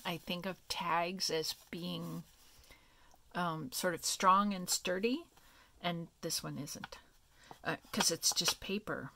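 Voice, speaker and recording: Woman crafter, low and unhurried, gravelly, soft rambling show-and-tell. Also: lively intonation, slight background noise. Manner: soft, meandering, thinking aloud with many fillers. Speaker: craft vlogger.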